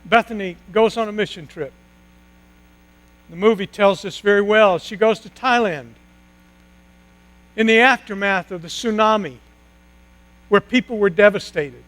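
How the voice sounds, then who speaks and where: A man with a high voice preaches a sermon. He tells the story with slow, dramatic pauses and drops to a near hush at key moments. A steady mains hum sits under his voice. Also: rough recording. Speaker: pastor.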